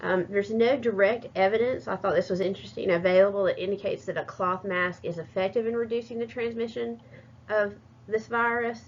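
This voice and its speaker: A woman's voice: mid-range voice, little pitch movement, brisk, slight background noise. A woman giving a recorded class presentation, hesitant and full of fillers and restarts. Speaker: student presenter. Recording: muffled lo-fi recording.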